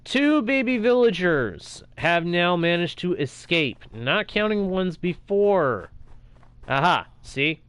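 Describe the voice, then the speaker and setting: A man's voice: sits high, very animated, takes it slowly, a bit bright, smooth, no echo. A young man talking casually over his own gameplay as a streamer, reacting aloud to what happens on screen. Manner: chatty, reacts aloud while playing. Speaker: gaming streamer.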